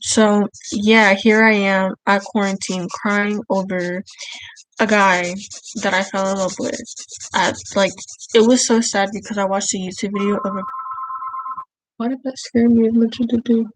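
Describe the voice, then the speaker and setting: A teenage girl talks at home while she draws, telling a casual storytime vlog. She rambles and leans on fillers, and she often puts herself down with a laugh in her voice. Her pitch sits in the middle range. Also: steady tone, unhurried, poor audio. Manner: rambling, filler-heavy, self-deprecating. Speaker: vlogger. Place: at home, indoors.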